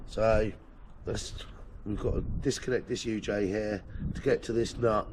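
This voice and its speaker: A fairly low-voiced man talks through a repair job in a relaxed, halting way, his throat hoarse and croaky. Loud workshop noise and clicks run under everything he says. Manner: laid-back, explains as he works, many fillers. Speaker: host doing vehicle repairs. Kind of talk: casual how-to narration.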